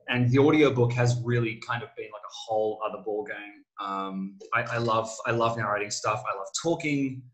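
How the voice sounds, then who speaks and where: A middle-aged man, an author talking as a guest in a casual interview, telling stories and acting out quotes with sudden jumps in pitch. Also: low-quality recording. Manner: animated storyteller, acts out quoted lines with big pitch jumps.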